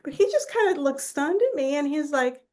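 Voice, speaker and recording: Woman therapist on a podcast, bit high voice, gets really animated acting out family members. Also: a little fast. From United States. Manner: animated storyteller who acts out quoted relatives. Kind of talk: conversational interview storytelling.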